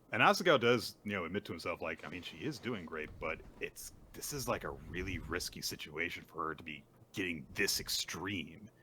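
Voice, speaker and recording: A man co-hosting a podcast, casually recapping manga chapters with plenty of fillers and lively voiced quotes. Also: sits low, slight background noise. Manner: animated retelling with lots of fillers and quick voiced quotes. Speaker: podcast co-host.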